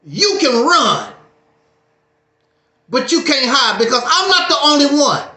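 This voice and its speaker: A man's voice: very high-pitched, huge pitch swings, unhurried, sharp tone. A man giving a casual livestream monologue, preachy and joking with a dramatic streak. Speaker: YouTube streamer. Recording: echoey room.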